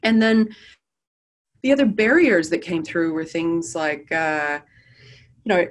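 This middle-aged American woman has a fairly low voice and speaks slowly. Recorded in an office, she appears as an interview guest, telling the story of founding her business in a candid, lively, self-deprecating way.

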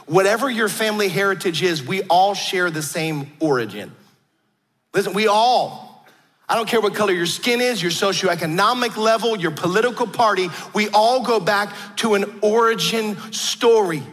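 A pastor preaches a sermon, earnestly telling stories and often restarting his sentences. His voice is high-pitched and fairly bright, at a moderate pace, with long reverb from a hall.

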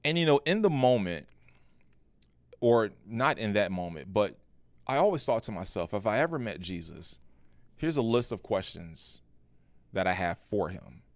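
A man, a pastor co-hosting a podcast, telling a personal story in an earnest, animated way with frequent restarts. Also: fairly low pitch, normal speed, long pauses, dry recording. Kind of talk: casual podcast conversation.

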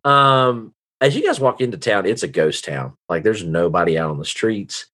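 A man's voice: lowish voice, moderate pace, bright, forceful tone. A man narrating a tabletop game as game master, with many ums and hesitations. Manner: hesitant, full of ums and uhs.

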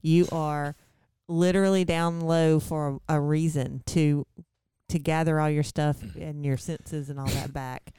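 Very low, warm, smooth-voiced woman. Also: fairly even intonation, measured pace, no echo. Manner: chatty, reflective, many restarts. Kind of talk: casual chat.

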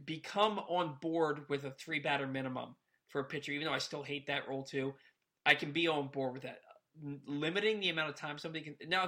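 A man co-hosting a casual sports podcast, talking in a rambling, animated way and stumbling over repeated words. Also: on the high side. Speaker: podcast co-host.

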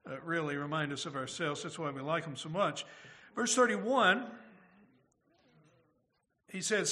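A man's voice: on the high side, measured pace, long pauses, pushed and bright. A man preaching a sermon, earnest and full of rhetorical questions. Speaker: pastor.

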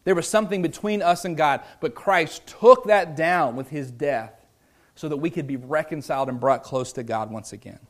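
A male pastor preaching in a fairly high voice. He talks earnestly and conversationally, stumbling into restarts, then rises loud for emphasis and drops low and soft on key points. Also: moderate pace. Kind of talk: sermon.

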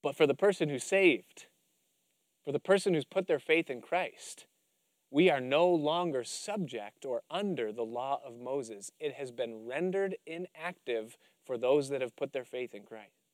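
A man's voice: medium pitch, a little slow, no room sound, clean studio sound. A male pastor preaching a sermon, telling Bible stories with animation and acting out the scenes. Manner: animated storytelling, acts out scenes.

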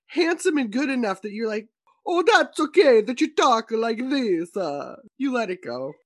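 A woman's voice: mid-range voice, dry recording. A woman hosting a podcast, chatting about classic films in an enthusiastic, opinionated way. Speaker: podcast host. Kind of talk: casual film discussion.

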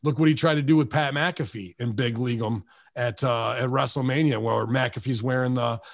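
American guy ranting and cursing on a podcast, dry close sound, mid pitch. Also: normal speed, creaky, no echo. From United States. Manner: blunt, profane, animated ranting with mocking impressions. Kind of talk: casual chat.

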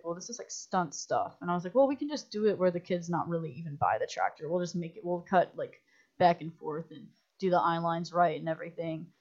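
A woman chats on a podcast in a low-pitched voice, spinning animated stories full of fillers and quoted dialogue. The audio is dull and lo-fi, like a budget podcast recording. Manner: animated storytelling, many "like"s, acts out quotes. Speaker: guest filmmaker. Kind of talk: casual podcast chat.

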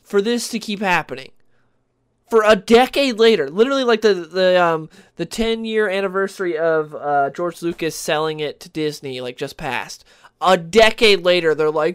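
A man's voice: high-pitched, lively intonation, moderate pace, clear, resonant tone. A man hosting a podcast in casual chat, rambling with many fillers and restarts. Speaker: podcast host.

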